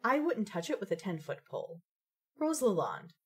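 A woman's voice: mid-range voice, wildly swooping pitch, moderate pace, slightly rough, full character voice. A woman playing an aloof, witty young woman gamer who talks in dry, elaborate phrases. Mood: dismissive. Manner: arch, dry, elaborate wordplay.

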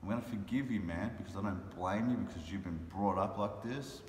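Low-voiced man, heated vlog rant. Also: brisk, darkish tone. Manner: heated and impassioned, talks in bursts. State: tired and frustrated. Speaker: vlogger and animal rights speaker. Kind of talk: casual vlog monologue recounting a debate. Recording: roomy echo with long reverb and faint noise.

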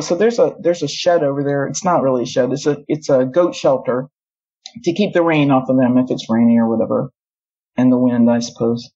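Husky, mellow-voiced woman telling a story. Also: extremely low pitch. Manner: rambling, with many asides and self-corrections. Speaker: guest. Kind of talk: casual storytelling. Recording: dull lo-fi audio.

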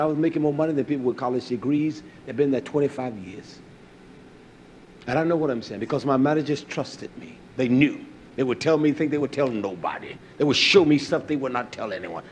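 A man's voice: medium pitch, quick pace, slight background noise. An older man telling a personal story, animatedly acting out what people said and often repeating his words. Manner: animated, acts out quoted dialogue, repeats words. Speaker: speaker giving a testimony.

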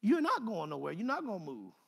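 A man's voice: high-pitched, huge pitch swings, fairly quick, vocal fry, a bit bright, breathy edge. A man preaching a conversational sermon, folksy and repeating phrases in driving bursts.

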